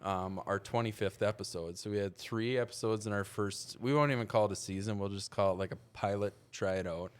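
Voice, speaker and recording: A man's voice: on the low side, fairly quick, few pauses, smooth. A man hosting a casual podcast chat with his co-hosts, leading the talk in a playful, teasing way. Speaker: podcast host.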